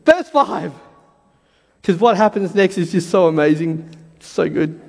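A man preaching a sermon with fervour, repeating key lines and building to shouts, his voice going hoarse. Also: high voice, a little slow, in a large hall.

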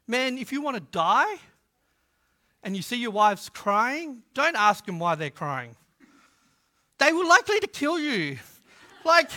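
A man preaching a sermon in a humorous, conversational way, swinging from loud to hushed. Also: very high-pitched. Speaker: pastor.

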